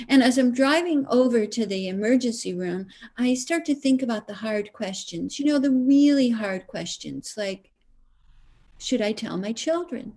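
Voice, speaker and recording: Animated comic storyteller, middle-aged woman. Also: a little high, normal speed. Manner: animated, self-mocking comic timing. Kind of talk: comic storytelling at a live stream concert.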